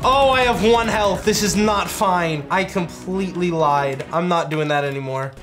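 A young man commentating his own gameplay, loud and excitable, yelping and joking as he gets shocked. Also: sits high, normal speed, music in the background. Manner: loud, excitable, yelps and jokes under shocks. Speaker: gaming YouTuber.

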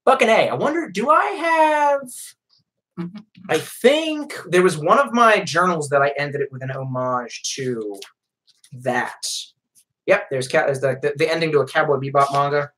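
A man streaming live, answering viewer comments in a loose, rambling way full of swearing and self-mocking asides. His pitch swings widely and bounces around as he talks, so he sounds animated and lively. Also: normal speed. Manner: profane, rambling, self-deprecating.

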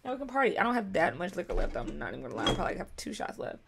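A woman's voice: lowish voice, very animated, very fast, vocal fry, background noise. A woman chatting casually as she reacts to an album, effusive and slangy, talking back to each song. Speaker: music reaction YouTuber.

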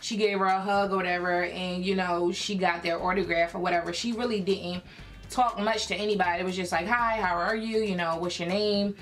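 A young woman from Philadelphia telling a personal story in a casual vlog, chatty and animated, full of fillers and acted-out quotes. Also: on the low side, fairly quick, faint music behind. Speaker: YouTube creator.

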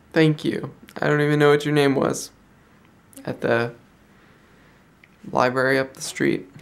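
A young man telling a story to his vlog camera in a chatty, rambling way. His voice swings up and down with a lively intonation and sits at a mid pitch. He often stops to correct himself and then carries on. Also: creaky. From United States. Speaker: vlogger.

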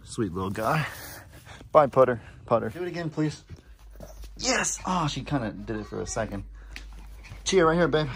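A man's voice: medium pitch, very animated, normal speed, pauses often, a bit bright, slight background noise. A man vlogging outdoors on a farm in a casual, chatty way, cooing fondly at the animals in a baby voice. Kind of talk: casual chat to camera.

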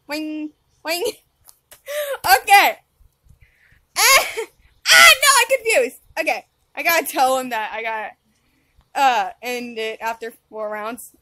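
A woman giving live gameplay commentary, excitable, often squealing and laughing. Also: high voice, slow, long pauses, no room sound. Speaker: gaming channel host.

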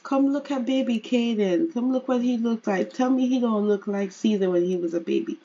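Husky Jamaican grandmother in a life-sim game, fussy and doting, pitched up, voiced by a woman. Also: brisk, mellow, dull audio.

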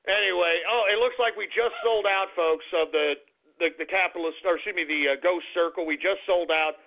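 A man's voice: high voice, a little fast. Blustery ranting man on a tinny line. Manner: profane, blustery, repeats himself. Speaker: radio talk show host. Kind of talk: casual ranting radio monologue.

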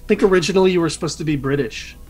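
A man co-hosts a relaxed interview and talks like an eager fan. He halts and fills gaps as he speaks, and his voice sits slightly high for a man. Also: slightly rough, faint music behind. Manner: enthusiastic fan, halting with fillers. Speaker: co-host. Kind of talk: casual interview chat.

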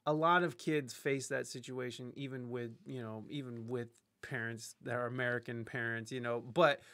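A young man hosting an interview, asking questions in a halting, casual way with many restarts. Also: mid-range voice, steady tone, fairly bright tone, dry recording. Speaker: host.

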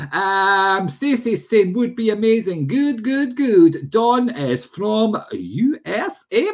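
A man hosting a live psychic stream, chatting and greeting viewers by name. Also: on the high side. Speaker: psychic medium host. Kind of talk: livestream chat.

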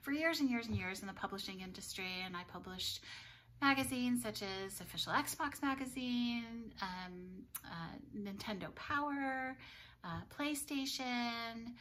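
A woman's voice: on the high side, measured pace, a bit bright, slight background noise. A middle-aged woman who runs a yarn shop, chatting casually with frequent giggles. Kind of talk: casual chat.

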